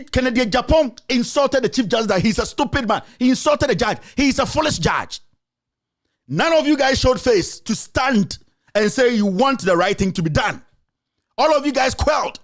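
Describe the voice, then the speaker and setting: A man with a Ghanaian accent hosting a show, delivering impassioned political commentary full of rhetorical questions and confrontation. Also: extremely high pitch. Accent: Ghanaian English. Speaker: host.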